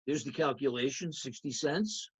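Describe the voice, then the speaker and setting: A man's voice: medium pitch, expressive, normal speed, breathy edge. A man teaching an accounting review lecture, emphatic, repeating key points and checking in with students. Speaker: accounting instructor.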